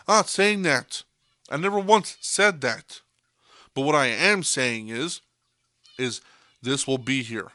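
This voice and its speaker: A man's voice: on the high side, expressive, unhurried, pushed and bright, dry recording, clean studio sound. A young man hosting a podcast, delivering an intense monologue that swears freely and hammers points home by repeating them. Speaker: podcast host.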